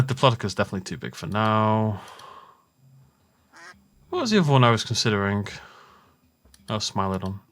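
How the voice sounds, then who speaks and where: Hosting a Minecraft let's-play, a man rambles and thinks aloud while chatting casually with viewers. His voice is fairly low and creaky.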